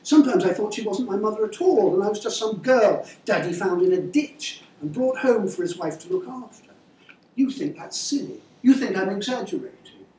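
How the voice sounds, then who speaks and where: Here the voice sounds like a woman's, mid-range, mellow and animated at a normal speed, pushed up and lightly acted, as a man reading aloud plays a guarded, theatrical young woman. She's brooding, dramatic, self-pitying and confiding. Echo, a distant mic and faint ambience mark the recording.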